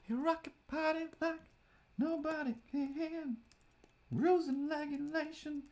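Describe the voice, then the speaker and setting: A man chanting a party jingle in a high falsetto as a hype-man figure. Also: steady tone, unhurried, a little mellow. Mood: hyped.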